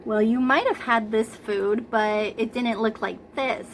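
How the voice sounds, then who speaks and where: A woman teaching a remote preschool lesson, talking gently and coaxingly to young children through her camera at home. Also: on the high side, steady tone, a little slow, a little hiss or hum, poor audio. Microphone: computer camera mic.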